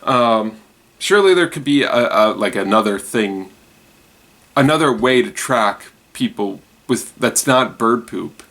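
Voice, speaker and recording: A man's voice: medium pitch, expressive, measured pace, a bit bright. A man hosting a casual solo weird-news show, talking with many fillers, restarts and hesitations. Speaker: host.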